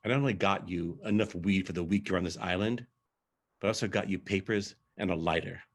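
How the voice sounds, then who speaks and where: A man's voice: low-pitched, brisk. A man voicing a friendly, confident young male soldier who talks in an easygoing, persuasive way.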